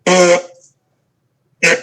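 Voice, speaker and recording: A man narrating as game master, halting, with many fillers. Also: pushed and bright, low-quality recording.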